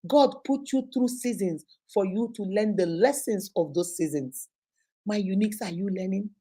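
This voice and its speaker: A middle-aged Nigerian woman, a teacher and host, giving an animated, preachy motivational talk sprinkled with Igbo phrases. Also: medium pitch, moderate pace, husky.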